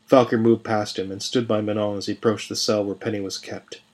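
Male narrator, measured fantasy reading, husky, low voice. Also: level tone. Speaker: podcast storyteller.

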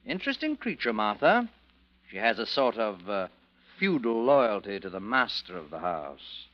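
A man's voice: on the low side, sing-song, normal speed. An actor playing a bitter, sardonic husband who taunts his wife, in 1940s radio acting. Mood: cold. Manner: cold, mocking, theatrical. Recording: dull old radio recording.

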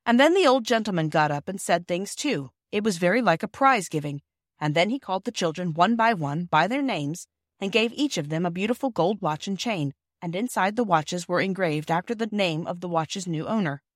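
A woman reading a classic children's novel aloud in a gentle storytelling manner. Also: fairly low pitch, expressive, moderate pace, no echo, studio quality. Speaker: audiobook reader. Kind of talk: scripted narration.

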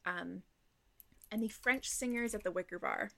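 A young woman co-hosting a casual book-chat podcast, giggly and animated, with lots of fillers. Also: mid-range voice, moderate pace, creaky. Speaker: podcast co-host.

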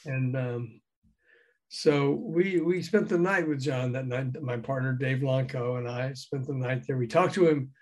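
An older man, a guest in an interview, telling animated anecdotes with chuckles and acting out quoted dialogue. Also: mid-range voice, measured pace. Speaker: guest, former record promotion man. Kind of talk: casual storytelling interview.

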